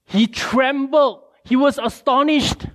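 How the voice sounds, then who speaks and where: Man preaching, high voice, slow deliberate pace, lively rhetorical questions. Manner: animated storytelling with many rhetorical questions. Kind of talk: sermon.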